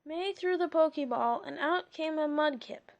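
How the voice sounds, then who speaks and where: A woman's voice: high-pitched, muffled recording. A woman reading a children's storybook aloud, breaking off for casual, amused comments. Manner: slow, chatty, amused asides. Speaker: reader.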